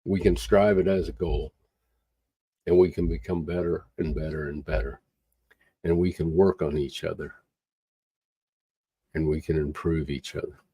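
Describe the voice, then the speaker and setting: A man's voice: very deep voice, fairly even intonation, moderate pace, pauses often, dark tone, slight background noise. A man hosting a livestream, giving an impassioned, earnest motivational talk that repeats phrases for emphasis. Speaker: livestream host.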